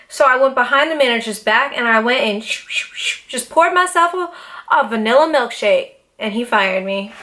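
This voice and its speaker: A young woman talking straight to her camera in a casual sit-down vlog, animated, dramatic and full of swearing. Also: on the high side. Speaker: YouTuber. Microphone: camera mic, seated in front of camera.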